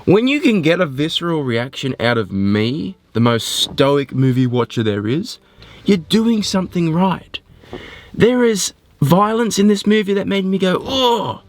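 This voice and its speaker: A man giving a casual spoken film review, animated and rambling, often poking fun at himself. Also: a little high, a little slow, no echo. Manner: animated, rambling, self-mocking.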